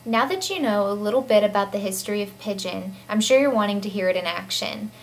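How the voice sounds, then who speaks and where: A woman's voice: medium pitch, lively intonation, fast, a little hiss or hum. A young woman presenting a personal class project in upbeat, earnest scripted narration. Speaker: student presenter.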